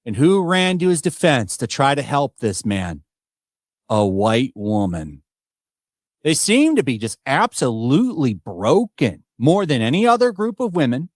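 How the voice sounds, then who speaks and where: A man's voice: medium pitch, big pitch swings, a little slow, no echo, studio quality. A man giving casual, rambling commentary with some hesitation.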